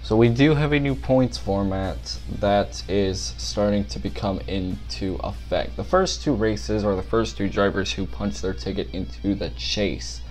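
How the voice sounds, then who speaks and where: A man's voice: lowish voice, a little slow, hardly any pauses, a little mellow, faint music behind. A young man commentating a pretend race, out of breath and tired, rambling and tripping over names.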